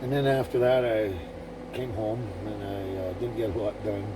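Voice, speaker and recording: A man's voice: lowish voice, moderate pace. A man talking casually to camera, rambling with many fillers and restarts. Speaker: vlogger. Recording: distant mic with background noise.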